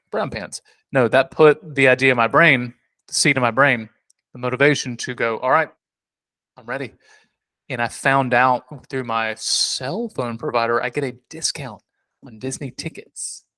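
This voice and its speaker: A man's voice: mid-range voice, bright, forceful tone. Rambling joking podcast guy. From South Carolina. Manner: rambling, joking, many restarts. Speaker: podcast co-host. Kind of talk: casual podcast chat.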